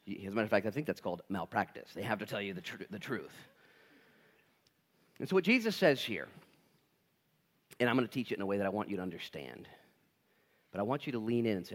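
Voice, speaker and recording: A male pastor preaching a sermon in a church, talking casually and acting out little scenes in quoted voices. His pitch swoops widely as he jumps from hushed asides to loud, excited lines. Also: a little fast. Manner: animated, acts out quoted dialogue, casual slang. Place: church sanctuary.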